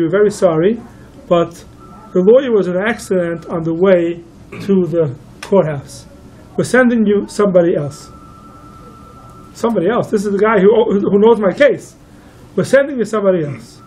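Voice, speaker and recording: High-voiced rabbi telling a story. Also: male voice, slight background noise, poor audio. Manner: animated storyteller, quotes each figure in turn. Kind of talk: storytelling talk.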